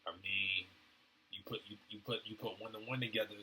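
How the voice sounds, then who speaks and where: A man rambling through a casual stream-of-consciousness monologue, halting often with fillers and restarts in slangy everyday talk. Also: fairly low pitch, fairly even intonation, sharp tone, a little hiss or hum, rough recording. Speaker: vlogger.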